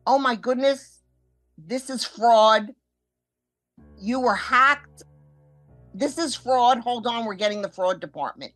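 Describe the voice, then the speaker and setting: An older woman recounting how she was scammed, acting out the voices of others and swinging between hushed and loud moments. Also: on the high side, slow, pauses often, soft background music. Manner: vivid, acts out quoted voices, shifts between hushed and loud. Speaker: scam victim telling her story. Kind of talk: emotional first-person storytelling.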